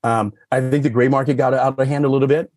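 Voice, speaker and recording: Ospite maschile di podcast, parlantina sciolta, tono medio, registrazione asciutta; racconta aneddoti con molti intercalari. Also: male voice, steady tone, quick pace, a little mellow, no room sound. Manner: rambling storyteller, many fillers like "you know" and "like"; acts out quoted dialogue with raised pitch. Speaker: podcast guest, sommelier. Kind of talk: casual chat.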